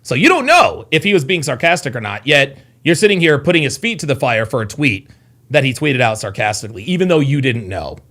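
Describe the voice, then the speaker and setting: A man's voice: medium pitch, big pitch swings, a little fast, fairly bright tone. A man hosting a live reaction show, heated and exasperated, cursing and repeating himself as he argues with a clip. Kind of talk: animated reaction commentary.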